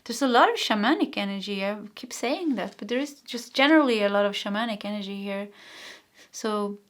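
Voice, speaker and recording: A Swedish-born woman giving a pick-a-card tarot reading, encouraging and rambling, with many restarts and soft laughs. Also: medium pitch, expressive, a little fast. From Sweden. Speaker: tarot reader.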